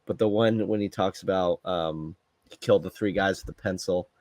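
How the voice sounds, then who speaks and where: A man co-hosting a casual movie review chat, talking in a relaxed, measured way with thoughtful pauses. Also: low voice, dry recording. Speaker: podcast co-host.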